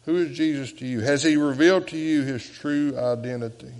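Southern US man, pastor preaching, earnest, rises loud then drops soft, mid pitch, long church reverb. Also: fairly quick. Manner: earnest preaching, swinging from loud appeals to hushed quotes. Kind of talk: sermon. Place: church sanctuary.

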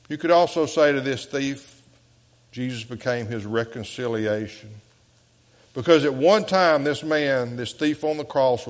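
A man with a Southern US accent preaching a sermon as pastor, earnestly swinging between raised appeals and hushed, slow quotations. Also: mid-range voice, long reverb tail. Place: church sanctuary.

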